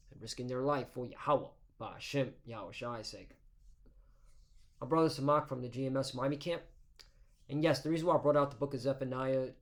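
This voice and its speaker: A man of ordinary pitch reads scripture in a slow, formal cadence. He then shifts into a loose, conversational sermon. He keeps tagging his points with "okay?" and "all right?" as if checking in with his listeners. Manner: peppers talk with "okay?" and "all right?" tags. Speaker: religious teacher. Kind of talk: scripture reading and informal sermon.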